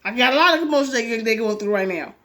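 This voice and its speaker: A woman commentating a game with loud, profane exclamations and reading its dialogue aloud. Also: a little high, animated, quick pace. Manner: reads game dialogue aloud between reactions. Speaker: gaming commentator. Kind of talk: let's play commentary.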